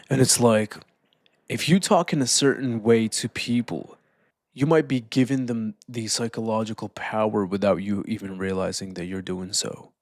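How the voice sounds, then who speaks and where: A man giving a casual motivational talk, calm and deliberate, slowing down to stress points and often saying "man". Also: fairly low pitch, dry recording, studio quality. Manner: calm, deliberate, slows down for emphasis. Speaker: self-improvement speaker.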